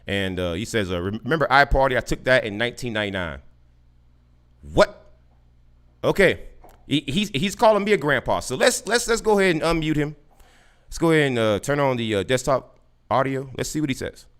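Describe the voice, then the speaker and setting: A man's voice: mid-range voice, sing-song, moderate pace, a bit bright. A man hosting a podcast, taunting and mocking a caller with sarcastic, repeated questions and frequent stammered restarts. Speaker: podcast host. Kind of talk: combative live podcast talk with a caller.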